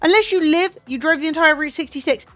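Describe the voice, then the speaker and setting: High-voiced British woman, teasing. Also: quick pace, fairly bright tone, no echo. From Britain. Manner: teasing, incredulous, swears freely. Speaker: streamer. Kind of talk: casual chat with a guest. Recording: dry close mic, faint music behind.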